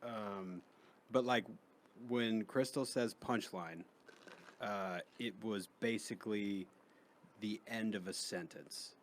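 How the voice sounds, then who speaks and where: A man's voice: on the low side, slow pace, slight background noise. A man who is a comedian guest, telling stories in a rambling, profane way in casual podcast chat.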